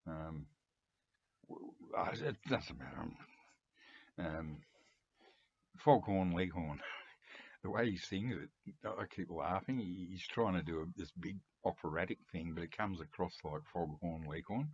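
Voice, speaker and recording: Husky deep-voiced older Australian man. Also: unhurried, pauses often, highs cut off. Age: 70s. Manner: chatty, rambling, chuckling, frequent throat-clearing. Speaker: music collector video host. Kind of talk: casual rambling monologue to camera.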